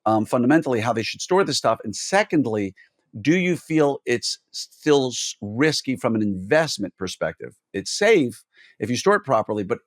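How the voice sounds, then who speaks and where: A man's voice: medium pitch, big pitch swings, moderate pace, no room sound, clean studio sound. A man hosting a podcast interview, explaining at length and posing skeptical questions in a playful way. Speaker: podcast host.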